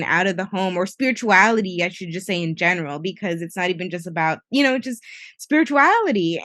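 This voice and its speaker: A woman's voice: mid-range voice, fairly bright tone, no room sound, studio quality. A young woman co-hosting a podcast in casual chat, earnest and heartfelt, often restarting her sentences. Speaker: podcast co-host.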